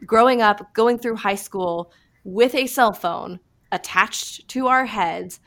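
A woman in her thirties hosting a podcast, chatty and animated with lots of "like" and quick asides. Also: medium pitch. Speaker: podcast host. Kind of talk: casual podcast conversation.

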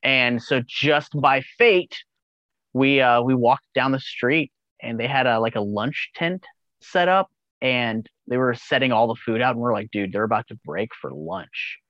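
A man in a casual podcast chat who rambles eagerly and swears freely. His voice sits at an ordinary middle pitch. The sound is dry and close but a little dull and lo-fi. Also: a little slow, fairly bright tone, dry recording. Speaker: podcast guest.

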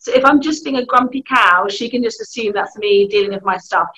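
Bright, animated British woman. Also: fairly high pitch, brisk. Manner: animated, laughing, acting out family voices. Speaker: youth work guest. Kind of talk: lively advice in conversation. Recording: muffled lo-fi audio.

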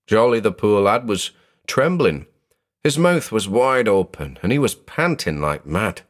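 A deep, low-voiced young Englishman reads a first-person horror story. His delivery is measured and suspenseful, and it builds dread in the quiet passages. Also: big pitch swings. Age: young adult. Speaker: narrator. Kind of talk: scripted horror narration.

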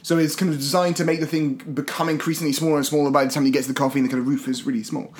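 A man with a slightly raised voice talks through a film's plot with a friend in a casual chat. His humor is dry and deadpan, and his sentences are loose, with fillers and false starts. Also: a little high, very fast. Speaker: film podcast co-host. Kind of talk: casual film recap chat.

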